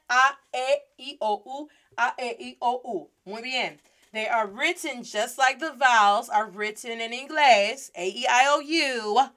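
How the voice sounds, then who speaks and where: A woman's voice: fairly high pitch, fairly bright tone. A woman hosting a playful Spanish lesson, mixing Spanish words into English and acting out little scenes. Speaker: Spanish teacher and host. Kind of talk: energetic casual language lesson.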